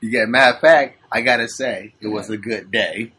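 A man's voice: fairly low pitch, moderate pace, pushed and bright. A man hosting a podcast, talking in loose slangy banter and laughing often. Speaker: podcast host. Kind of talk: casual chat.

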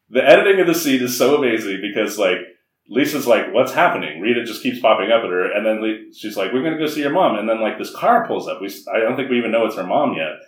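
Guy laughing through a movie recap, lively swoopy voice, kinda far off in an echoey room. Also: fairly low pitch. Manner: animated, laughing, acts out characters' lines. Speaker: podcast co-host. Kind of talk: casual movie recap chat.

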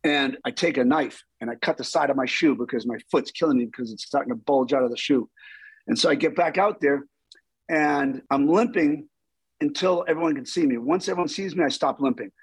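A middle-aged man, a stunt performer, telling stories in an interview with lively, acted-out dialogue. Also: a little high, a little fast, slightly rough, no room sound, low-quality recording. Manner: animated, acts out quoted dialogue. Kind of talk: storytelling interview.

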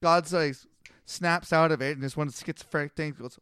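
High-voiced man doing crude comic retellings. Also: steady tone, bright, forceful tone, smooth, no room sound, studio quality. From Canada. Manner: crude, rapid-fire storytelling with mock character voices. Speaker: podcast co-host. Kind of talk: casual comedic retelling.

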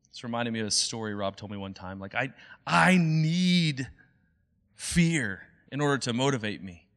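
Pushed and bright, with a pitch on the high side, this young adult pastor's voice carries an earnest, conversational sermon in which he acts out the voices he quotes.

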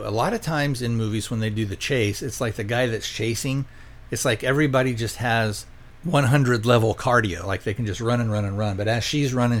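A man hosting a podcast, casually retelling a movie plot in a rambling way, often stopping to correct himself. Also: medium pitch. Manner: rambling, self-correcting, conversational. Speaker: podcast host reviewing a movie. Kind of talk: casual spoken plot recap.

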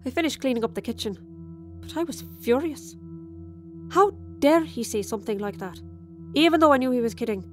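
A woman's voice: mid-range voice, natural voice. A woman performing a dramatic monologue as a chatty, tipsy Irish widow who confides over dinner, with sudden flashes of resentment. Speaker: storyteller.

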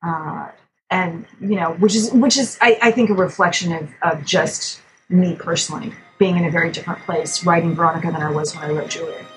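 Reflective woman author, lower voice. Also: brisk, faint music behind, low-quality recording. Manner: reflective, hesitant, with restarts and fillers. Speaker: author guest. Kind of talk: interview answer.

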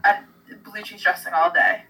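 A woman's voice: on the low side, fairly even intonation, normal speed, bright, forceful tone, breathy edge, far from the mic, low-quality recording. A woman in a casual chat, telling chatty stories. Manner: chatty, storytelling.

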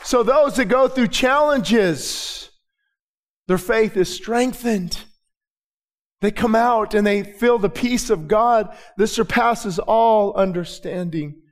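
A male pastor with a high voice preaches in a church with a balcony. He swings between soft, halting storytelling and loud, fervent proclamation full of repeated phrases.

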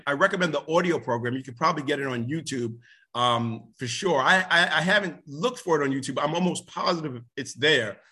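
Guy doing a live motivational talk, bright husky voice, rambles and restarts a lot, gets loud and excited. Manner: energetic, jumps to high excited shouts; rambling with many restarts and asides. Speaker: motivational speaker.

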